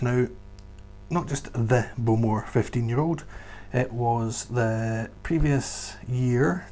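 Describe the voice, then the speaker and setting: A man's voice: medium pitch, dark tone, a little hiss or hum. A man working as a whisky tour guide, talking through favourite whiskies in a casual, enthusiastic and emphatic vlog recorded indoors at home. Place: indoors at home beside a shelf.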